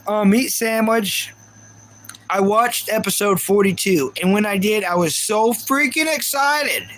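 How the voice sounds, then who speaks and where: Male streamer, high voice, casual rambling rant to chat, faint background hiss. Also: unhurried, fairly bright tone, rough recording. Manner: ranting, repeats himself, talks to chat viewers. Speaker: livestream host. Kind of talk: casual live reaction chat.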